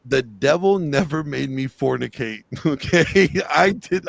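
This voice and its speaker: A man's voice: mid-range voice, animated, measured pace, creaky, no echo. A man from the US West Coast hosting a casual livestream chat, blunt and teasing. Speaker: host.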